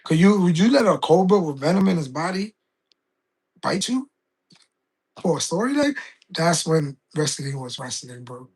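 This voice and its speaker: A man's voice: fairly high pitch, very animated, normal speed, pauses often, darkish tone, slightly rough. A man, chatting casually on a live stream and rambling through stories full of fillers and restarts. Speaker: game streamer.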